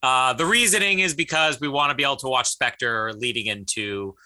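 A man co-hosting a podcast in casual chat, animated, acting out quotes as he tells stories. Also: mid-range voice, fairly quick. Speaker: podcast co-host.

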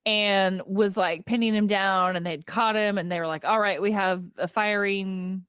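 A woman's voice: mid-range voice, fairly even intonation, a bit bright, clear, resonant tone, no room sound, studio quality. Chatty woman recapping a movie. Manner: retells scenes, acting out lines in quick voices. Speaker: podcast co-host. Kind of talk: casual movie recap chat.

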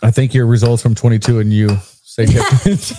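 A man's voice: mid-range voice, fairly even intonation, brisk, background noise. A man, co-hosting a casual chat, teasing and swearing freely. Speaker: co-host. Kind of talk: casual banter.

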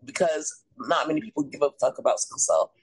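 A woman's voice: low-pitched, very animated, fast talker, breathy edge, rough recording. A woman hosting a podcast, blunt and playful in casual chat. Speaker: podcast host.

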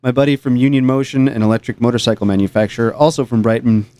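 A man's voice: mid-range voice, steady tone, fast, mellow, no echo. A man co-hosting a casual motorcycle podcast, reading a listener email in a plain, matter-of-fact way. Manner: reads letters plainly, jokes that he refuses to put on an accent. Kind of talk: casual chat. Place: home garage with a fan running.

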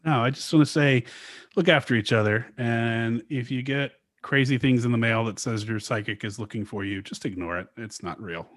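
A man in a casual podcast chat, unhurried and easygoing as he recounts a story. His voice sits at an ordinary pitch and sounds dry, with no room around it. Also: a bit bright, dry recording. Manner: laid-back storytelling with fillers and chuckles. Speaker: podcast co-host.

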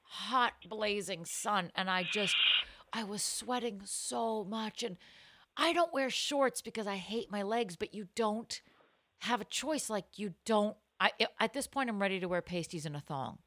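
A woman co-hosting a podcast, telling animated, self-mocking stories in casual chat. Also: medium pitch, a little slow, slight background noise. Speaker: podcast co-host.

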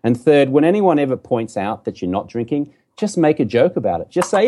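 Australian man, middle-aged, podcast guest, mellow tone, lively and joking. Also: mid-range voice, brisk, hardly any pauses, slight background noise. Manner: animated, joking, emphatic. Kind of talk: casual podcast conversation.

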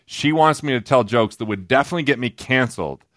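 A man from Utah, a podcast guest, telling stories in an animated, joking way. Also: mid-range voice, no echo, clean studio sound. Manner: animated, jokey, quoting others in quick asides. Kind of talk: casual storytelling.

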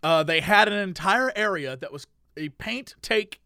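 A man co-hosting a casual comedy podcast, animated and quick to laugh, often mimicking voices. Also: sits high, no echo, clean studio sound. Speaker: podcast co-host.

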